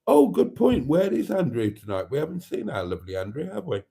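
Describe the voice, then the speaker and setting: A man's voice: mid-range voice, very animated, fast talker, vocal fry, dark tone, husky. A man hosting a casual livestream, chatting and reading out viewers' comments in a chatty, theatrical way that calls them darlings. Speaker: livestream host.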